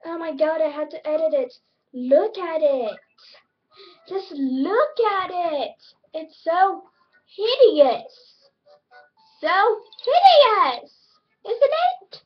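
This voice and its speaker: A woman's voice: very high-pitched, big pitch swings, very slow, dull audio, soft background music, voice pushed up, exaggerated voice. Woman putting on a gushing vain girly self. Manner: gushing, self-admiring, squealy exclamations.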